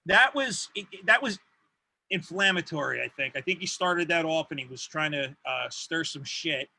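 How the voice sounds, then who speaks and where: A man's voice: fairly high pitch, animated, normal speed, gravelly, sharp tone, slightly rough. A man co-hosting a podcast in casual chat, crude and joking. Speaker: podcast co-host. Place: home studio.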